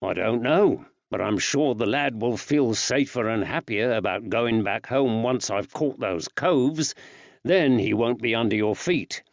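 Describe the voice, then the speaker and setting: Man doing a tired gruff old-time lawman, blunt and plain, dry dull sound. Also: mid-range voice, a little slow, no room sound, lightly acted. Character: weary, gruff working-class constable husband. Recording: dry, slightly dull recording.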